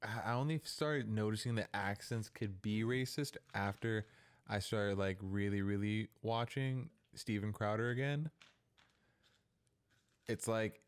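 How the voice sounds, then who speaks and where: A man's voice: lowish voice, clean tone. Rambling young man in casual chat. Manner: quick, rambling, full of "like" and restarts.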